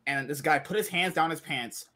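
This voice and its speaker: A man's voice: a little high, normal speed, bright, forceful tone. A man hosting a podcast in casual chat, trading crude jokes and steering the conversation. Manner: joking, crude banter, then steering the topic. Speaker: podcast host.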